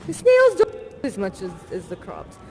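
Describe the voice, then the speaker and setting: A woman's voice: medium pitch, wildly swooping pitch, normal speed, dark tone, a little hiss or hum. A woman playing an eccentric acting teacher with a non-American accent, chatty and rambling as she earnestly teaches. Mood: upbeat, instructive. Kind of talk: improvised live theatre performance.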